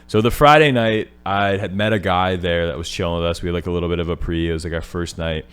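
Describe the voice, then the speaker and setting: A young man on a podcast, telling a story in a casual, animated way and filling his talk with "like.". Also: sits low, fast talker, clear, resonant tone. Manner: animated, says "like" constantly. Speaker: podcast guest.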